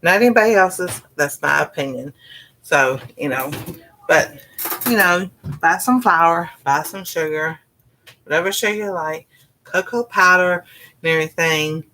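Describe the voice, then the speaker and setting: A woman with a Southern US accent hosts a cooking channel in an easygoing livestream chat. Her voice sits a little low and she talks unhurriedly. She drifts from point to point in a folksy way, saying "y'all" and laughing often. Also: a little slow, long pauses, pushed and bright.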